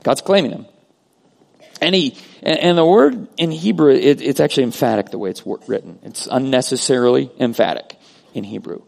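A man preaching a sermon as pastor, earnest, moving between loud emphasis and hushed prayer. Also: medium pitch, normal speed, vocal fry. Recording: long hall reverb.

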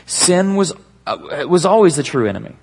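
Gravelly, husky male preacher. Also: on the high side, big pitch swings, moderate pace, a little mellow. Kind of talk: sermon to a live congregation.

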